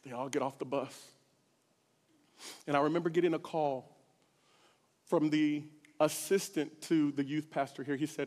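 A man from Texas sharing a personal faith testimony in sermon style, swinging between hushed lows and near-shouted peaks. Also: fairly even intonation, normal speed, pauses often, big-room sound. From Corpus Christi, Texas. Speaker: church speaker giving testimony.

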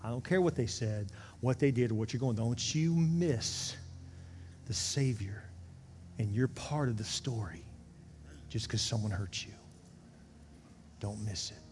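A man preaching as a pastor, leading an altar call and prayer, swinging from emphatic peaks down to hushed, quiet pleading. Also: medium pitch, measured pace, pauses often, slight background noise. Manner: impassioned, rises to emphatic peaks then drops to hushed prayer. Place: large church sanctuary. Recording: long reverb of a big hall, faint ambience.

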